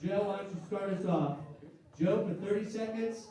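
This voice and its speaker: A man with a fairly high voice hosts a live comedy game show, working the crowd in a loud, hyped way. He is picked up from a distance in an echoey club room, with a lively audience behind him. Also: moderate pace. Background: audience laughing and cheering.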